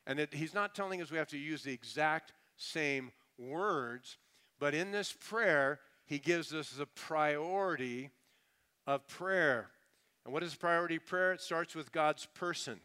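A man's voice: on the high side, normal speed, pushed and bright, smooth. A man preaching a sermon in a conversational, humorous way, mocking pompous prayer voices before turning earnest. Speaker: pastor.

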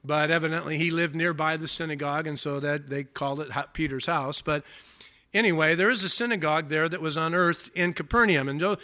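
A man's voice: a little high, brisk, pushed and bright. A male pastor preaching a sermon, reading scripture aloud and adding joking asides.

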